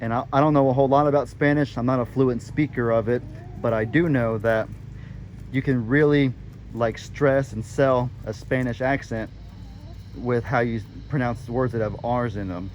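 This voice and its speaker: A man's voice: medium pitch, steady tone, normal speed, a little mellow, slight background noise. A man, chatting casually to viewers on his farm vlog. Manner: laid-back, talks to viewers as y'all. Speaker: farm vlogger. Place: outdoors on a farm.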